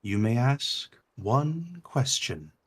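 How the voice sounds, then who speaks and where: A man voicing an ancient, wise speaking heart in a solemn, hushed, measured tone for a tabletop game. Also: mid-range voice, big pitch swings, breathy edge, pitched above the performer's own voice, full character voice.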